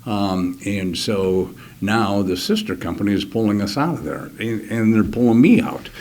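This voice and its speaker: An older man telling a personal war story in an interview, halting and restarting, sometimes dropping to a near whisper. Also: fairly low pitch, darkish tone. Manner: halting, many restarts, drops to a near whisper at key moments; acts out other soldiers' words in quick quoted voices. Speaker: interview guest.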